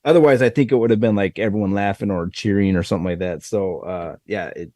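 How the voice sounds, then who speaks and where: A man hosting a casual podcast chat, telling stories in a rambling, animated way. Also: on the low side, fast talker, no room sound, clean studio sound. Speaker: podcast host.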